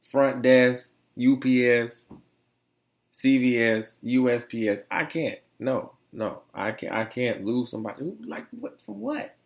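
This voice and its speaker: A man's voice: mid-range voice, steady tone, measured pace. A young man hosting a casual solo podcast, rambling and slangy as he tells stories with plenty of animation. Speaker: podcast host.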